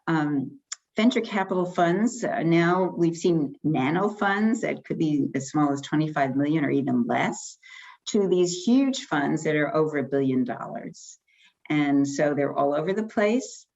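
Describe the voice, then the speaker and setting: Woman lecturer, low voice, chatty slide-by-slide explanation, dull lo-fi recording. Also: animated, a little slow, gravelly, darkish tone. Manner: conversational, frequent ums and restarts.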